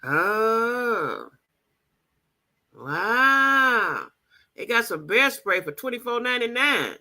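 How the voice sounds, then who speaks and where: A woman's voice: a little high, expressive, brisk, bright, forceful tone. A woman hosting a casual livestream, chatting with her audience and reading their comments aloud. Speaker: livestream host.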